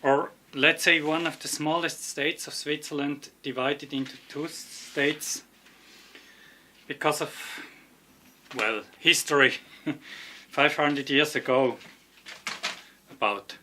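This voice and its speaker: Slow, bright-voiced man explaining a map. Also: a little high, fairly even intonation, a little hiss or hum. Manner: hesitant, searching for words. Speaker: video explainer. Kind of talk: casual explanation over a map.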